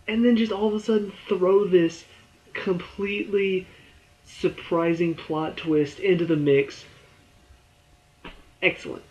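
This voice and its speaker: Young guy rambling about a tv show, gets all worked up, kinda high voice, muffled lo-fi sound. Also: a little slow. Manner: excitable, rambling with many fillers. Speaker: TV show reviewer. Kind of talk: casual spoken review.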